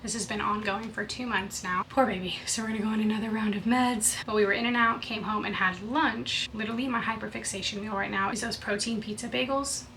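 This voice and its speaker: A young woman vlogs casually at home indoors, chatty and gushing, in a mid-range, steady voice that runs a little fast with hardly any pauses. She's recorded on the camera's built-in mic rather than her good one, and a faint air conditioning hum sits underneath.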